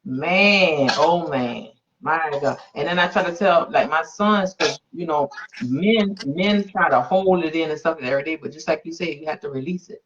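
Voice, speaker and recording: A woman hosting a faith-based interview podcast, emphatic and quick to exclaim and affirm. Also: low voice, a crowd in the background. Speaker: podcast host. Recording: dull lo-fi sound.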